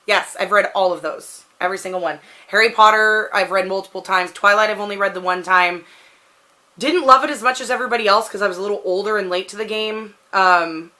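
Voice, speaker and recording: A woman in her thirties with a Pacific Northwest American accent chats through a question tag as a vlogger. Her mid-range voice is pushed and bright, a little fast, and she rambles with plenty of "like" fillers.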